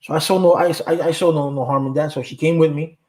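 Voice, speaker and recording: A man's voice: a little high, fairly even intonation, fast talker, mellow. A middle-aged man talks casually to his livestream viewers with a slightly raised voice. He rambles through stories and replies to comments, using street slang and plenty of cursing. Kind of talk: casual storytelling chat.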